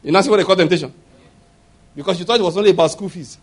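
A pastor preaches in a high-pitched, somewhat husky voice. He is emphatic, laughs often and acts out quick little exchanges as he talks. He presses his points with force. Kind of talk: sermon.

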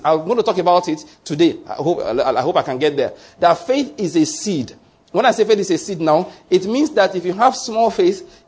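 A man's voice: sits high, a little mellow, breathy edge. A man preaching a sermon, emphatic and repetitive, often checking whether his listeners follow him. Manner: emphatic, repeats key lines, asks the congregation questions.

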